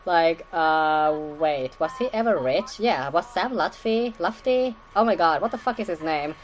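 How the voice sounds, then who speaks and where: Low-voiced woman rambling through podcast gossip. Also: lively intonation, normal speed, low-quality recording. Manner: profane, filler-heavy, laughing asides. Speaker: podcast recap host. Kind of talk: casual rambling podcast commentary.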